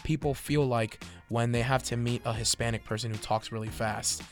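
A man's voice: medium pitch, fairly even intonation, moderate pace, faint music behind. A young man co-hosting a podcast, telling stories in loose casual chat, laughing often and swearing freely. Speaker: podcast co-host.

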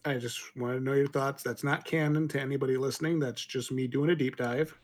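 A man co-hosting a book podcast, calmly throwing out theories about the plot. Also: mid-range voice, a little fast. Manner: thoughtful, speculative, laid-back. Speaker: podcast co-host. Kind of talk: casual book discussion.

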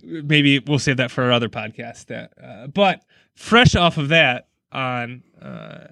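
A man's voice: medium pitch, animated, unhurried, gravelly, sharp tone, no echo, studio quality. Chatty Midwestern man talking sports. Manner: chatty, rambling, laughs often. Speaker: podcast co-host. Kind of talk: casual sports chat.

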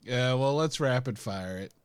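A man with a mid-pitched voice that moves around a lot in pitch, co-hosting a casual podcast. He talks in a laid-back way with dry humor. The sound is dry and close, with no room echo. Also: expressive, normal speed, smooth. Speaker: podcast co-host. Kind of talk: casual pop culture chat.

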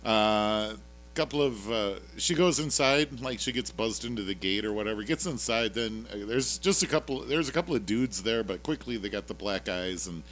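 A man's voice: fairly low pitch, moderate pace, fairly bright tone, slight background noise. A man co-hosting a casual podcast, retelling a TV episode in a rambling, jokey way with lots of fillers. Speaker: podcast co-host recapping a TV episode. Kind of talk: casual chat.

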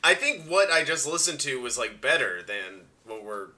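A man appearing as a guest on a comedy podcast, chatting in a relaxed way and drifting into asides. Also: mid-range voice, moderate pace. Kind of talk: casual podcast chat.

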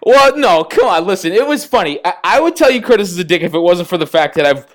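A man chatting as a podcast guest, with a somewhat high voice that swings widely as he tells a story. He acts out every side of the conversations he recalls and swears freely. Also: fast talker. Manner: animated storyteller who acts out both sides of a conversation. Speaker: podcast guest and radio producer. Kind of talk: casual podcast chat.

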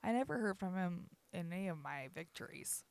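A woman's voice: on the low side, lively intonation, a little fast, creaky, darkish tone, no room sound. A woman in her thirties speaking candidly and emotionally in a conversation, sighing between confessions. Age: 30s.

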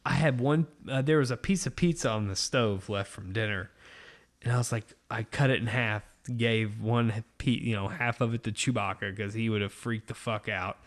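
A man in his thirties, a podcast co-host, telling a story in casual chat, animated and swearing a lot. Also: lowish voice, normal speed.

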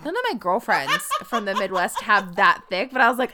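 Woman podcast co-host, Valley Girl accent, higher voice, gossipy storyteller. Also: animated, moderate pace, few pauses, pushed and bright, slight background noise. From Mississippi. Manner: gossipy, quoting others in a storytelling tone. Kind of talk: casual chat.

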